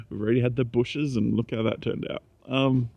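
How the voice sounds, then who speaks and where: A tired, middle-aged Australian man keeps his voice low as he rambles through a late-night walking vlog. His tone is mellow and somewhat husky. The recording sounds dull and lo-fi. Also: fairly even intonation, moderate pace, no echo. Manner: rambling, quiet and low-key. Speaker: vlogger. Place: outdoors on a small-town main street at night.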